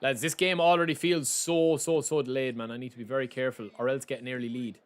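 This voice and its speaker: A man's voice: mid-range voice, steady tone, quick pace. A man giving casual, joking live commentary while he plays a football game and chats to his viewers. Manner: chatty and joking, talks to viewers as lads. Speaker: gaming streamer.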